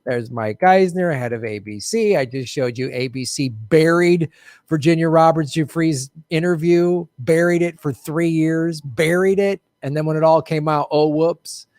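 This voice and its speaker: A man's voice: a little high, unhurried, no echo, studio quality. A man hosting an online political commentary show, talking bluntly and sarcastically and swearing often. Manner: sarcastic and animated.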